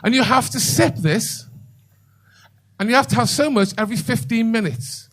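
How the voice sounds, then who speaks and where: A man's voice: very high-pitched, normal speed, fairly bright tone. An older man doing a bawdy stand-up comedy set in a comedy club, telling a story and chatting with the crowd.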